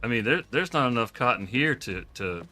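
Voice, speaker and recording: A man's voice: medium pitch, animated, fairly quick, pushed and bright. A man giving live gameplay commentary, joking, laughing often and talking to the game animals. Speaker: streamer.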